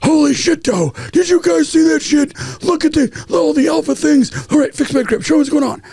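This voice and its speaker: A man imitating an excited male film director in a high, shouting voice. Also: moderate pace, gravelly, no room sound. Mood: amazed.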